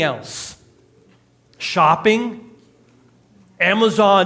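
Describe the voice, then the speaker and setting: A man's voice: high voice, takes it slowly, pauses often, a bit bright. A male pastor, preaching a conversational sermon with jokes and acted-out quotes in a church. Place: church sanctuary.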